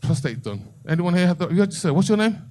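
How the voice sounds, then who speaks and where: A man's voice: sits high, sing-song, fast talker, mellow. An older man doing a bawdy stand-up comedy set in a comedy club, telling a story and chatting with the crowd.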